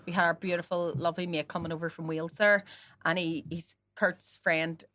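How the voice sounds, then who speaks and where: Woman, 30s, bright and forceful comedy co-host, bawdy storyteller. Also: on the low side, level tone. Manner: bawdy, storytelling, quick to laugh. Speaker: podcast co-host. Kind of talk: casual comedic chat.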